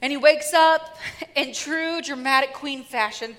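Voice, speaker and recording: A woman preacher delivering a sermon with lively, humorous storytelling. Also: high-pitched, unhurried, big-room sound.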